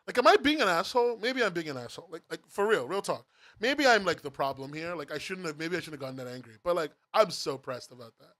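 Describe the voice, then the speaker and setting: A man's voice: high-pitched, a bit bright. A man reviewing webcomic platforms in a profane, exasperated rant, laughing through it. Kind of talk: ranting commentary.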